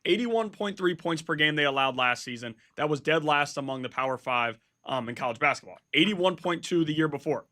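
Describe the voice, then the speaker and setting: A man's voice: fairly high pitch, expressive, brisk, hardly any pauses, pushed and bright. A man hosting a sports betting show, laying out a pick with stats in an earnest, insistent way and repeating himself for emphasis.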